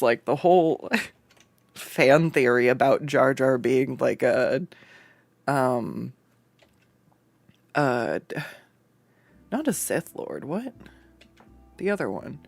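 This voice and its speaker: An artist streaming a drawing session, chatting casually, rambling, often laughing and swearing, and jumping up in pitch when acting out quotes. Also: vocal fry, no room sound. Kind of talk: casual chat while drawing on a livestream.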